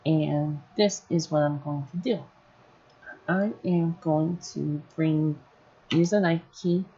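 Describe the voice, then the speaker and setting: A woman running a casual live software tutorial, thinking aloud as she works. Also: sits low, steady tone, takes it slowly, husky, lo-fi sound. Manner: thinking aloud while working, casual and chatty. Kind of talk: live screen-recorded tutorial.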